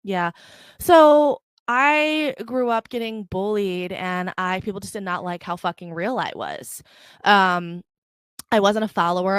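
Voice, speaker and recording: A young woman hosting her own podcast, telling a story in a profane, animated rant and mocking the people in it. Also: medium pitch, clean tone, dry recording. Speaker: podcast host. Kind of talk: unfiltered solo podcast rant.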